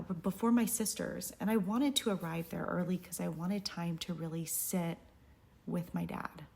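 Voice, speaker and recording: Woman, low pitch, gravelly fry, earnest personal storytelling, reflective. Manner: earnest, reflective, softly hushed at times. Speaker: realtor sharing a personal story.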